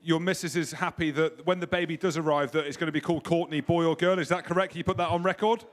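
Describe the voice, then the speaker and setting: A man's voice: a little high, fairly even intonation, quick pace. A man hosting a live rugby panel in front of an audience, teasing the guests and joking. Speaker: host.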